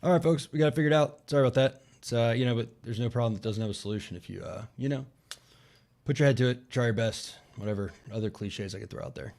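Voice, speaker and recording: A man's voice: medium pitch, fast, gravelly, darkish tone. A man in his thirties hosting a live Q&A, talking loosely and rambling with lots of fillers. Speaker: podcast host. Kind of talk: casual live Q&A chat.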